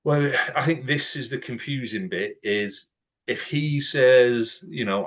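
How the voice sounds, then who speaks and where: Taking his time, a podcast co-host with a lowish voice chats casually and performs the back-and-forth of conversations he quotes. The audio is dull and lo-fi.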